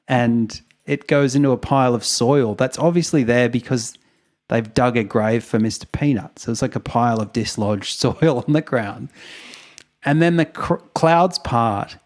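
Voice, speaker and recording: A man's voice: medium pitch, measured pace. A man, co-hosting a podcast, retelling events in a rambling, wry way with chuckles. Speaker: podcast co-host. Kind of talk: casual storytelling chat.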